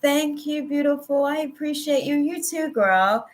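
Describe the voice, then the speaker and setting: Speaking unhurriedly in a high voice, a woman hosts a live tarot session. She talks casually and effusively with her audience, rambling emotionally with lots of filler words.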